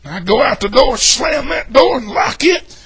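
An older man preaching a folksy sermon, swinging between shouts and hushed asides. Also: very high-pitched, sing-song, measured pace. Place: church.

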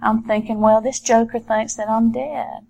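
A middle-aged woman recounts her own experience as a former police officer, speaking earnestly and often restarting her sentences. Her voice sits a little on the high side. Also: level tone, gravelly, mellow, poor audio. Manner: earnest, halting with frequent repeated starts. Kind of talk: personal testimony storytelling.

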